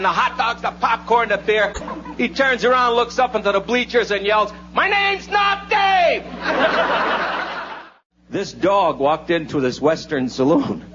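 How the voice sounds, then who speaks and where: A man's voice: on the high side, fairly bright tone. A male comedian telling jokes live at a hotel in a loose, rambling way, with lots of fillers. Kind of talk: stand-up storytelling. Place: hotel showroom, in front of a live audience. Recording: muffled live radio with faint hum.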